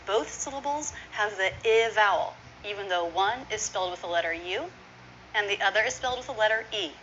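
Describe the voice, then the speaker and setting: A woman teaching pronunciation, saying each word slowly and carefully and repeating it for the listener to copy. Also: medium pitch. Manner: slow, careful modeling of words, repeats each one. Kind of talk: English pronunciation lesson. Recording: slightly dull recording with faint noise.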